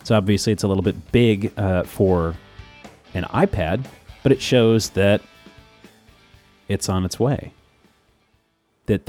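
A man's voice: fairly low pitch, darkish tone, no echo. A man hosting a casual tech podcast, chatty and laughing often, with plenty of fillers. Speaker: podcast host.

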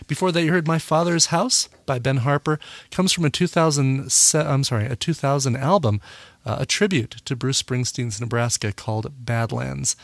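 A man hosting a music podcast in a relaxed, casual way, often pausing with "uh" and correcting himself. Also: mid-range voice, gravelly, no room sound. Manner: relaxed, full of "uh" fillers and self-corrections. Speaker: podcast host. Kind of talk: casual radio-style podcast chat.

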